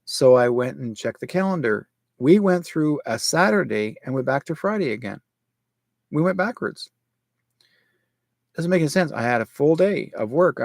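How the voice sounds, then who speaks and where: A middle-aged man from Canada hosting his show from a home office, rambling through a casual monologue with sudden excited jumps in pitch. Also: creaky, dry recording. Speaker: show host.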